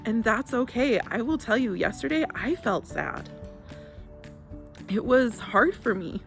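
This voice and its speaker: A woman teacher recording a gentle, reassuring video message for her class while outdoors in her garden. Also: on the high side, sing-song, a little slow, vocal fry, faint music behind. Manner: gentle, reassuring, speaks straight to children. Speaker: fourth grade teacher.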